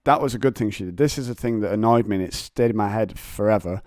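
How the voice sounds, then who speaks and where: A man's voice: on the low side, fast, a little mellow, no echo, clean studio sound. An English man hosting a casual solo podcast from home, rambling and digressive with self-mocking humour. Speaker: podcast host. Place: home, on a couch.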